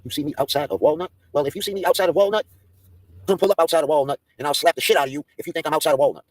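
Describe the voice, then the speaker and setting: A man's voice: on the high side, very fast, no echo. A man in a profane, taunting livestream rant, mocking and daring his targets.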